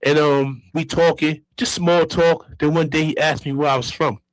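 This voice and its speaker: A man in his fifties from Brooklyn with a New York accent, telling stories as a guest in an animated, streetwise and profane way. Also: a little high, normal speed, no echo, low-quality recording. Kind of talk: casual storytelling.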